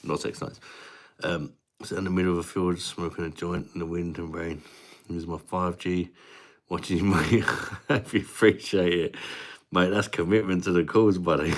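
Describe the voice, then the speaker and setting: A deep-voiced man hosts a live stream, reading chat and talking casually with viewers, greeting them by name and laughing often. He speaks unhurriedly, with long pauses.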